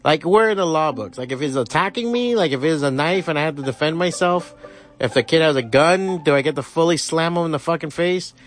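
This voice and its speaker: A man's voice: a little high, fairly quick. A man hosting a podcast, ranting with heavy swearing and sarcastic asides. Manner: heated, sarcastic, swears constantly. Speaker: podcast host. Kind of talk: profane ranting commentary.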